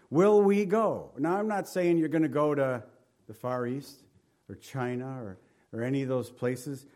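A man's voice: medium pitch, unhurried, a little mellow. Emphatic preaching man. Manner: emphatic preaching with King James scripture readings; informal asides to the congregation. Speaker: pastor. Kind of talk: sermon.

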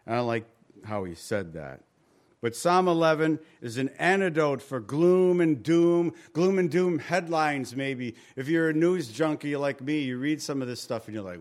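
A man's voice: fairly high pitch, expressive, moderate pace. A man preaching a sermon in a conversational style, often asking rhetorical questions. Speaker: pastor.

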